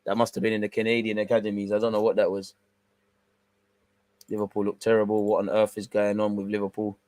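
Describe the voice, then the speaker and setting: A young man hosting a live football watch-along, slangy banter between bursts of excited play-by-play. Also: fairly low pitch, fast talker, dry recording.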